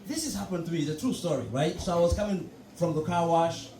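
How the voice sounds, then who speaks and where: A male stand-up comedian telling a story on a club stage, animated and full of asides. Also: on the high side, fast, a little hiss or hum. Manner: storytelling, animated, frequent asides like "you know". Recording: echoey club from a distant mic.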